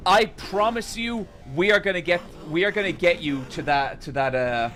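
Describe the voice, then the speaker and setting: A man quoting a pushy, devout male landlord who speaks calmly and reassuringly in a retold story. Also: high voice, moderate pace, faint music behind.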